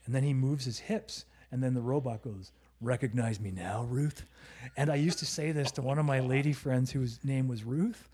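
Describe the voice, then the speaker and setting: A man's voice: mid-range voice, a little fast, hardly any pauses, mellow. A man chatting casually on a podcast, telling a story with plenty of swearing and laughter. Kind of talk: casual chat.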